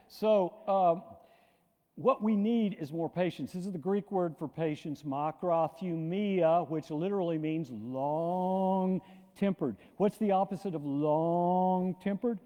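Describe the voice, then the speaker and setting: A man's voice: a little high, measured pace, muffled recording. Older man lecturing in an echoey hall. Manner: lively, animated storyteller with frequent restarts. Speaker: pastor giving a lecture. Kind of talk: storytelling lecture. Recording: long hall reverb.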